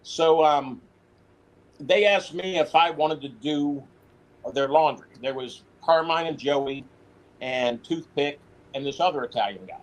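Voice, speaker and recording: A man's voice: fairly high pitch, measured pace, low-quality recording. A man, a former prisoner, telling stories in a casual interview, quoting others as he goes. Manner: animated storyteller, quotes others in voice.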